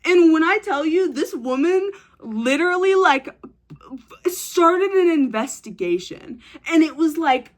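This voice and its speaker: A young woman talking straight to camera in a casual, unfiltered way. Her voice sits a little higher than most, and she is blunt, teasing and quick to swear. She tells her stories with animated, dramatic flair. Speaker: vlogger. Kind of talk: casual advice chat to camera.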